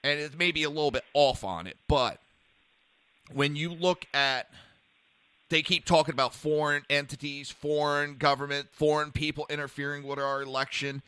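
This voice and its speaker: A man with a very bright, forceful voice hosts a political talk radio show, blunt and profane, tripping over restarts as he pushes his point. His voice sits a little high and sounds dry and close, with no room around it. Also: fairly even intonation, normal speed, clear, resonant tone, no room sound.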